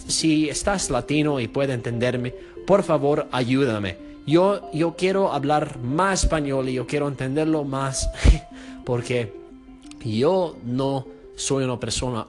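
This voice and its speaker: Stuttering young man hosting a radio show. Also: mid-range voice. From United States. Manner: stutters, stumbles over words and restarts. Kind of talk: casual solo radio talk. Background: music.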